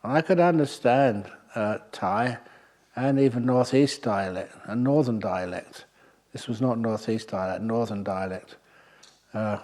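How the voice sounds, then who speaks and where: A man's voice: mid-range voice, a little mellow. A man, a Buddhist monk, giving a humorous storytelling talk at a meditation retreat, wry and anecdotal with the odd filler.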